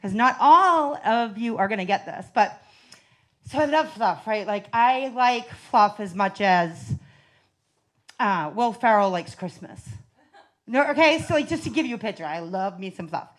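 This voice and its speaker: A woman's voice: mid-range voice, lively intonation, unhurried, fairly bright tone. A woman doing a stand-up comedy set on a club stage into a handheld mic. She is brash and profane, and she laughs through her lines. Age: 40s.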